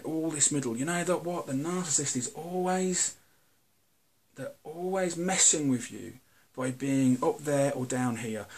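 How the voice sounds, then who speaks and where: A British man talking to camera in a candid, earnest monologue, blunt and halting, often restarting his sentences. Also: medium pitch. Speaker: video host.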